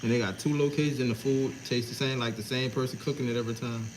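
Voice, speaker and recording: On a livestream from his shop, a New Orleans tattoo artist works while casually greeting his chat, his manner relaxed and full of slang. His medium-pitched voice is fast, with fairly even intonation. The background is noisy.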